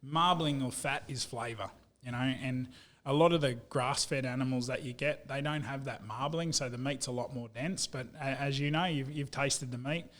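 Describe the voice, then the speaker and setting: A man's voice: mid-range voice, fairly even intonation, normal speed, fairly bright tone. A man with an Australian accent telling stories in a laid-back, blokey way, full of "mate" and "you know", as a guest on a casual podcast. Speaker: business owner.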